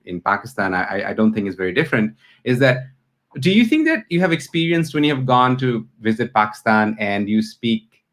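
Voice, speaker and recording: A man from Bangladesh, hosting an interview in an animated, outspoken way. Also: fairly low pitch. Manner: animated, outspoken, quick asides. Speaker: host.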